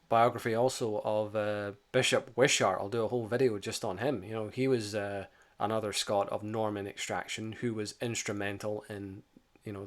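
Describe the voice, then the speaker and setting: Man, history host, casual monologue, animated, swearing, lots of "you know". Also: on the low side.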